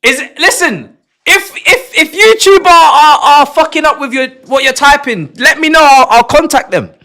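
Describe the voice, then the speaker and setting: A man, chatting live on stream to his viewers, excitable, repeating and stumbling over words, sometimes shouting. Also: normal speed. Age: 20s. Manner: shouts in bursts, then drops to low mutters. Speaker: livestreamer.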